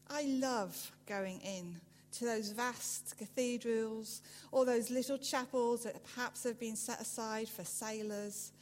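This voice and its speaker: A woman preacher giving a sermon in a church, telling a story with measured delivery and emphatic rises. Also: fairly high pitch. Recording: reverberant church hall with faint hum.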